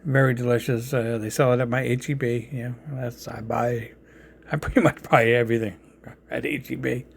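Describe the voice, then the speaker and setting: A man's voice: medium pitch, fairly even intonation, fairly quick, gravelly, a little hiss or hum. A man with a New York accent hosting a casual cooking vlog, rambling with plenty of fillers and restarts. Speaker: cooking channel host.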